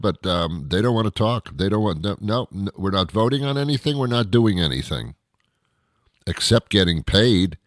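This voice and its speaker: Deep-voiced ranting American man. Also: dry recording, clean studio sound. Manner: ranting, sarcastic, exasperated. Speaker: radio show host. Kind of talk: comedic monologue.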